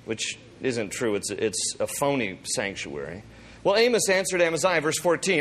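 A man preaching a sermon, reading scripture and acting out the speakers in lively voices. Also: mid-range voice, moderate pace. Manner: animated, acts out quotes with voices. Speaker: pastor.

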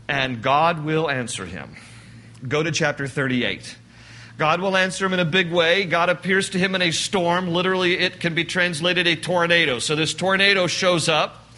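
Casting: male pastor, sermon delivery, bright and forceful voice, fairly high pitch, casual and wry. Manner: conversational, joking, acts out quoted lines.

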